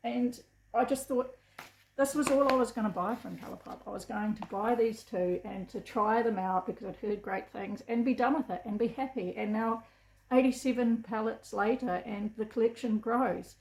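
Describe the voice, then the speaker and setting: A woman's voice: on the high side, moderate pace, darkish tone. Gushing middle-aged New Zealand woman, roomy. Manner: chatty, gushing and enthusiastic. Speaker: beauty vlogger. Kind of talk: casual chat to camera. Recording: echoey room.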